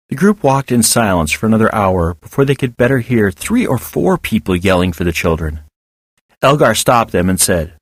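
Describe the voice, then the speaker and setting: Expressive male audiobook narrator. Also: on the low side, normal speed, dry recording, clean studio sound. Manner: expressive storytelling. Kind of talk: audiobook reading of serial fiction.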